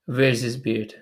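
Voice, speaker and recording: A young man from Pakistan, a video commentator reading viewer comments aloud with quick chatty asides and frequent laughs. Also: medium pitch. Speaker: online commentator.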